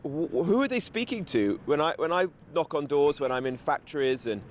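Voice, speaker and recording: A man appearing as a political guest on a talk show, arguing in a steady campaigning tone and listing his points one after another. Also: on the high side, normal speed, a little hiss or hum.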